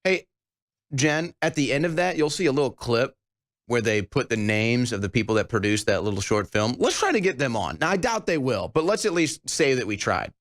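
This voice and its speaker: A man's voice: medium pitch, very animated, fairly quick. A man hosting a show, ranting indignantly and sarcastically about a video clip he has just played, his voice climbing as he gets worked up. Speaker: host.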